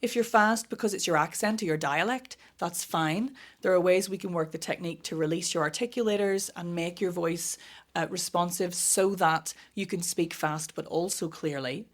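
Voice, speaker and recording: A woman with a Northern Irish accent, a vocal coach guest chatting on a podcast, quick and lively. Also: on the low side. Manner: fast, lively, demonstrates with voices. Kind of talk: casual podcast chat.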